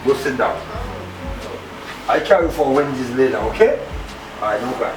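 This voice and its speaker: A man's voice: mid-range voice, lively intonation, normal speed, music in the background, lightly acted. An actor with a Bahamian accent playing a hot-tempered but doting father, emphatic and repetitive, in a film. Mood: upset, pleading. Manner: emphatic, repeats himself, broken grammar. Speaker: actor in a low-budget feature film. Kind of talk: naturalistic film acting. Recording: roomy, distant, with background noise.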